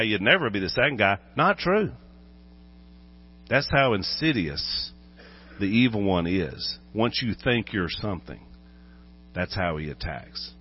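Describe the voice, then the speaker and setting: A man's voice: lowish voice, a little hiss or hum. Preaching man on dull lo-fi audio. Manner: animated, acts out voices while preaching. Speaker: pastor. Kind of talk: sermon.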